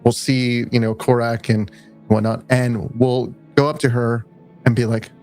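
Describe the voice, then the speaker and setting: A man playing a tabletop game over an online call, describing his character's moves. His pitch is middling, and he rambles with many fillers and restarts. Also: level tone, measured pace, a little mellow, faint music behind. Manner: rambling, many fillers, acts out lines in a high voice. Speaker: player.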